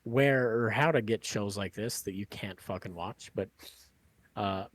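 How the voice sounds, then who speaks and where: A man's voice: lowish voice, measured pace. A man hosting a podcast, chatting casually in a rambling way with lots of fillers and swearing. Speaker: podcast host.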